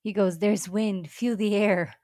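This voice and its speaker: A woman's voice: mid-range voice, fairly even intonation, unhurried, a little mellow, dry recording, studio quality. A young woman co-hosting a casual TV recap chat, reacting bluntly and emphatically. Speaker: podcast co-host.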